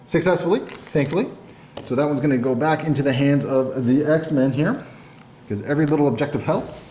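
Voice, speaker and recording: A man with a slightly high voice talks through his turns of a miniatures game, cracking jokes at his own expense. The room is echoey, with a faint hiss under the talk. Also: a little mellow. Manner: self-deprecating, joking, narrates his moves aloud. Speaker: tabletop game player and channel host. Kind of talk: casual battle report commentary.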